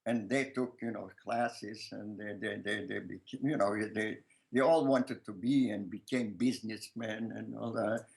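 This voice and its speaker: An older man with a strong Lithuanian accent, a filmmaker answering interview questions in a halting way, searching for words and often restarting, with soft laughs. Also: on the low side, steady tone, gravelly, poor audio. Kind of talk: casual conversation.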